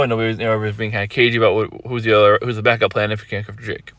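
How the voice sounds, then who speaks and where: A man hosting a podcast, casually recapping reality TV episodes, rambling and correcting himself as he retells scenes with quick quoted asides. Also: lowish voice, little pitch movement, fairly bright tone, no room sound.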